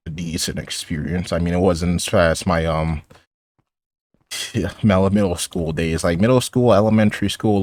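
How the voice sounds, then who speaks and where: A teenage boy with a low voice rambles through stories while he plays a game. He restarts his sentences often and drops in sarcastic asides. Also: no room sound. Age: teens. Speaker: gaming YouTuber. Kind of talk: casual commentary over gameplay.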